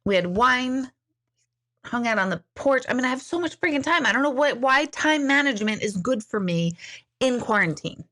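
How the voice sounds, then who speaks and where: A woman's voice: high-pitched, lively intonation, moderate pace, fairly bright tone. A middle-aged woman chatting candidly on a live stream, slightly tipsy after a couple of glasses of wine, swearing casually. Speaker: livestream host.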